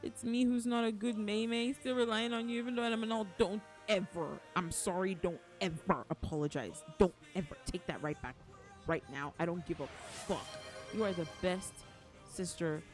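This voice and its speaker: A woman's voice: fairly low pitch, normal speed. A woman streaming a video game live, talking emotionally and repeating pleading phrases as she plays. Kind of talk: live gaming stream chat. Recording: game music playing behind.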